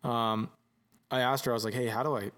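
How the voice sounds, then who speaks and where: A man chatting casually on a podcast about fatherhood. He tells stories loosely, acting out little bits of dialogue and dropping the odd swear word, in an easy voice of middle pitch. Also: a little fast. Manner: relaxed storyteller, swears casually, acts out dialogue. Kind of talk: casual chat.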